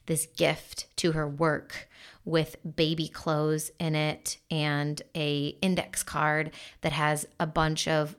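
A woman's voice: low-pitched, smooth. A woman commenting casually on relationships, chatty, with lots of "like" and "you know".

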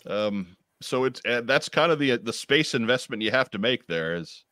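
A man co-hosting a casual livestream, reading out viewer comments with halting restarts. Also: mid-range voice, expressive, pushed and bright, dry recording, studio quality. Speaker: podcast co-host.

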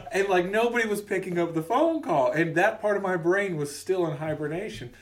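A man in his thirties co-hosts a podcast, telling a funny story in a casual, comedic way and acting out the voices of its characters with real animation. His voice is high and brisk. The sound is roomy, picked up by a distant mic.

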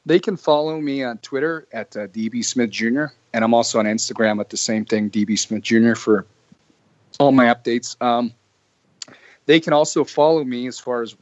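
A man's voice: medium pitch, no room sound. A young man from Canada, a podcast guest telling stories casually, rambling with restarts. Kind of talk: casual storytelling. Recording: dry muffled lo-fi audio.

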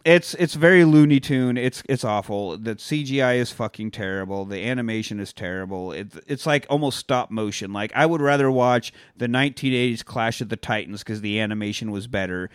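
A man in a casual comedy podcast, retelling a movie scene by scene and swearing freely. He jumps into quick mocking voices for the characters. His voice sits at an ordinary pitch, recorded close and dry with no room sound. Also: smooth, no room sound. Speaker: podcast co-host recapping a film.

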